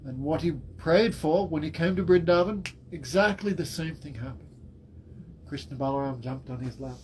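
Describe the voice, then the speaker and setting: A man giving a devotional class as a spiritual teacher, telling the story in a lively way. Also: fairly high pitch, normal speed, a little hiss or hum, rough recording. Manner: animated storytelling with laughs and acted quotes.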